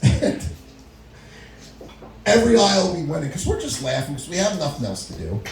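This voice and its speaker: A middle-aged man performs stand-up in a small club, his voice mellow and swinging widely in pitch as he laughs through his stories. The room carries a noticeable echo around him. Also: very animated, moderate pace, gravelly. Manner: storytelling with frequent laughs and acted-out quotes. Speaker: stand-up comedian. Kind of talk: stand-up comedy set. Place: small comedy venue. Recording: echoey room recording.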